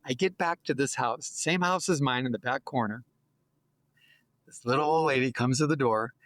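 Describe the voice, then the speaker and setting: An American real estate agent in his sixties, appearing as an interview guest, tells a lively story and acts out the dialogue in a raised voice. He has a medium pitch and speaks at normal speed on a dry recording.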